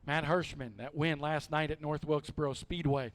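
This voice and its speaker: With a voice on the high side and fairly even intonation, a man from the North Carolina mountains gives live stock car racing commentary at normal speed. The recording is dry, and he's chatty and folksy, kidding with his co-host.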